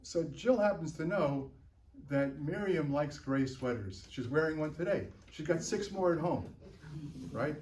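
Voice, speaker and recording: A man's voice: a little high, expressive, measured pace, darkish tone, a little hiss or hum. Male teacher explaining a text to a class, chatty, asks "right?" a lot, distant mic in a roomy room. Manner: checks in often with "right?" and "okay?"; stumbles and repeats words while thinking aloud. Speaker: Talmud teacher.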